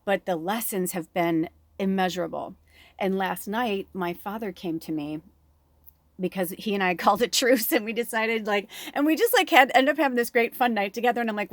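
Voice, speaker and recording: A woman's voice: mid-range voice, normal speed, no echo. A middle-aged woman, a spiritual medium, chatting in a rambling, candid way, swearing freely and laughing often. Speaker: spiritual medium and oracle reader. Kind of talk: rambling personal chat.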